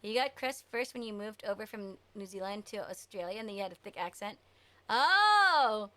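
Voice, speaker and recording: A woman's voice: mid-range voice, fast talker. A woman streaming live, chatting casually with her viewers. She is chatty and giggly and trails off with fillers.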